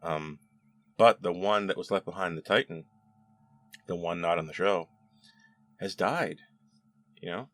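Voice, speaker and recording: A man hosting a casual spoken review, chatty and animated, with frequent laughs and restarts. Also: low-pitched, unhurried, pauses often, soft background music. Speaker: show host reviewing episodes.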